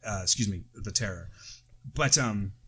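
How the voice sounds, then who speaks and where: A man's voice: fairly low pitch, moderate pace, fairly bright tone, husky. Rambling American man on a podcast. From United States. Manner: rambling, with tangents and self-corrections. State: coughing. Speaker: podcast co-host. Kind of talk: casual chat. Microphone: close podcast mic.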